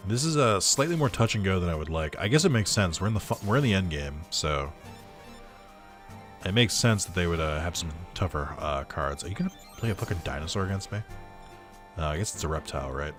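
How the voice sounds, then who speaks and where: A man with a low voice talks through a video game as he plays it, musing out loud and swearing. He laughs at his own bad jokes. Faint game music runs behind him. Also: expressive, a little fast. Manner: reads game dialogue aloud in put-on voices. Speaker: gameplay commentator. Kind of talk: casual let's-play commentary.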